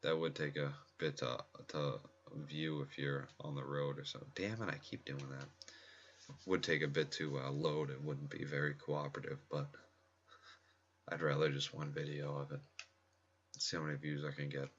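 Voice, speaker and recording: A man giving quiet, rambling casual commentary at home during a game pack opening, often restarting his sentences. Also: extremely low pitch, flat delivery, moderate pace, muffled recording. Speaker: gaming video creator. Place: home room at night next to a laptop. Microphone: laptop mic close by.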